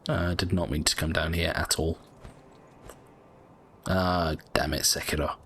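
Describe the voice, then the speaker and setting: A man's voice: sits low, fairly even intonation, unhurried, creaky, fairly bright tone, slight background noise. A British man giving casual gameplay commentary, chatty and prone to frustrated swearing. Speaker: gameplay streamer.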